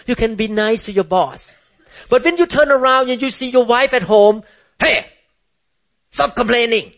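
A pastor preaching a sermon with emphasis, spelling out words letter by letter and asking rhetorical questions. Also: male voice, extremely high pitch, dull audio.

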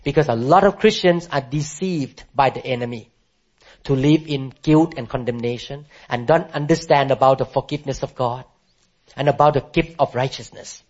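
A man's voice: medium pitch, normal speed, darkish tone. A man who moved to the country as an adult, preaching a sermon emphatically and asking the congregation questions. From immigrant to the country where he preaches. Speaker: pastor. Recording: muffled lo-fi sound.

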